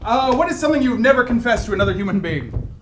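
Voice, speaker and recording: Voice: mid-range voice, lively intonation, fast, a crowd in the background. An improv performer introducing games and taking audience suggestions in a loose, chatty way. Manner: loose, chatty, self-deprecating. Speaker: improv show emcee. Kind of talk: live improv show hosting. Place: comedy club stage. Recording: echoey club with audience noise.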